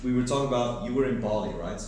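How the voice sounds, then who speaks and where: A man's voice: mid-range voice, fast, darkish tone. South African man asking curious questions. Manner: short reactions, curious questions. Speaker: podcast co-host. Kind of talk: casual podcast chat. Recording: very echoey room with faint noise.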